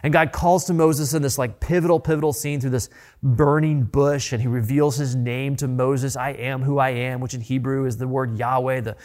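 A man's voice: medium pitch, fairly even intonation, normal speed, a little mellow. A man preaching a sermon in an earnest way, often repeating words as he builds a point. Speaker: pastor.

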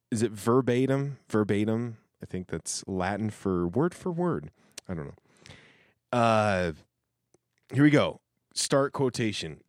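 A man's voice: lowish voice, animated, unhurried, a little mellow, no room sound, clean studio sound. A man in a casual chat, reading messages aloud in a rambling, self-interrupting way and laughing often. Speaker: host reading messages from coworkers.

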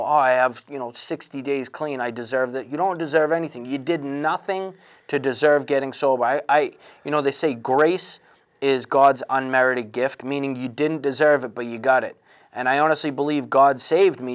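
A man in his thirties telling his own recovery story in an earnest, halting way, with frequent restarts and fillers. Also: medium pitch. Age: 30s. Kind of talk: candid personal testimony.

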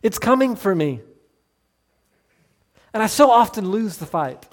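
A man's voice: high voice, very animated, measured pace. A male pastor preaching a sermon, earnest and pleading, with many rhetorical questions.

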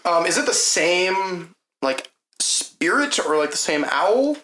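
A man's voice: high-pitched, very animated, measured pace, bright, forceful tone. A man narrating as game master of a tabletop game, telling scenes vividly and laughing often. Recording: echoey room with background noise.

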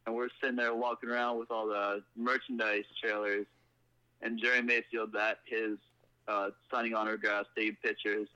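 A man's voice: on the low side, flat delivery, moderate pace, bright, forceful tone, clean tone, highs cut off. A man in his twenties, a podcast guest, telling a rambling story in casual chat. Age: 20s.

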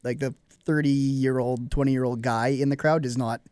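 A man's voice: mid-range voice, fairly even intonation, moderate pace, darkish tone, clear, resonant tone, no echo. A man co-hosting a casual wrestling talk show in a small studio, chatty and jokey, laughing often. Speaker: podcast co-host.

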